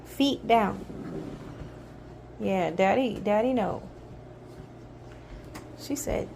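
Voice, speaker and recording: A woman's voice: medium pitch, drawn-out words, creaky, long pauses, a little mellow, slight background noise. A woman playfully narrating while filming her toddler outdoors, laughing and amused.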